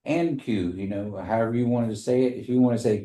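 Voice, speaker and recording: A man's voice: mid-range voice, mellow. Patient male language teacher, echoey room. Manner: patient, repeats phrases slowly for students. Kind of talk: classroom language lesson. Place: classroom.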